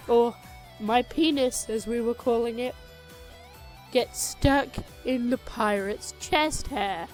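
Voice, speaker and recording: A young woman casually retelling a tabletop game session with rambling, self-mocking, crude humor, recorded on a cheap home microphone. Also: high voice. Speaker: storyteller recounting a tabletop game. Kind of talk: casual narrated storytelling.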